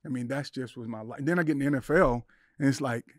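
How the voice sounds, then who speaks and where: A man's voice: medium pitch, fast, no room sound, clean studio sound. A middle-aged man, a podcast guest, telling an emotional personal story with intensity, acting out the voices in his head. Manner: intense, acts out inner voices and quotes.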